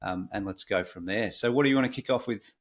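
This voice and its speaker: A middle-aged Australian man hosting a podcast in a relaxed, chatty way with frequent fillers. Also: fairly low pitch, fast. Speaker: podcast host. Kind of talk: casual conversational podcast.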